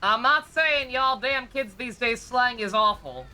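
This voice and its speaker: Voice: mid-range voice, measured pace, bright, forceful tone. A streamer chatting casually while playing a game live, reading lines aloud, laughing often and grumbling wryly.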